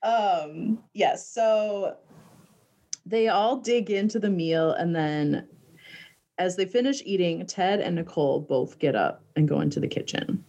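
A woman's voice: lowish voice, measured pace, mellow. A woman in casual chat, recapping a movie, laughing and quoting the characters.

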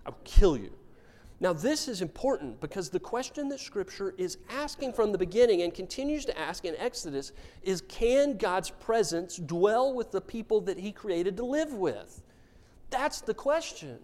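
Animated male pastor with a higher voice. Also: moderate pace. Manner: animated storytelling with wry humor. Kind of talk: sermon.

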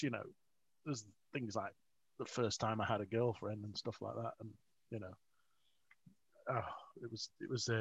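A man's voice: mid-range voice, slightly rough, no echo. A man, an author, telling rambling, self-mocking stories with frequent laughs in a casual interview. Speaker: author, guest. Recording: dry, dull lo-fi audio.

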